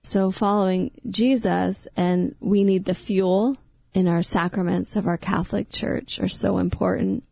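A woman speaking as a guest on a Catholic talk show, slow and gentle, with pauses. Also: medium pitch, fairly even intonation, creaky, no echo. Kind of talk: faith talk.

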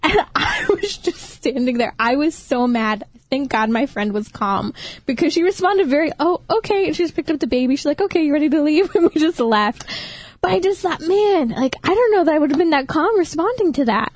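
A woman's voice: high-pitched, animated, fairly quick, no echo. A woman in casual chat, telling anecdotes and acting out the people she quotes, laughing easily.

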